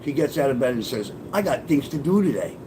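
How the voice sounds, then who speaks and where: Speaking fast at a medium pitch, a middle-aged man casually recounts a personal story full of profanity, animatedly imitating what others said. It's spoken-memoir storytelling on a rough recording with a little hiss or hum.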